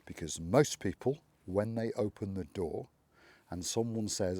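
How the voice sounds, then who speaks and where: A man's voice: low-pitched, unhurried, dark tone, no echo. An older man hosting his channel, telling a story in a chatty monologue and acting out remembered dialogue. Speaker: channel host. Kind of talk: casual motivational monologue.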